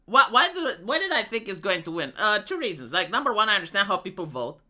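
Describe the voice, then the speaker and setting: A man's voice: high voice, big pitch swings, quick pace, pushed and bright. Rambling, sarcastic man. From Romania. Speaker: live streamer. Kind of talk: political rant.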